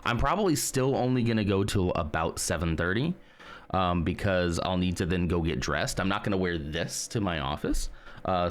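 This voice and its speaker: Deep-voiced man chatting on stream. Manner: rambling, chatty, reads and answers chat. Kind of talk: casual live-stream chat.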